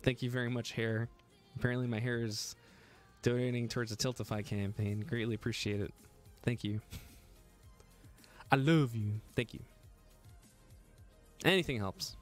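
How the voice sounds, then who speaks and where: A man hosting a casual live stream, joking and laughing as he gets flustered over his own slip. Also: fairly low pitch. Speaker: livestream host building a PC.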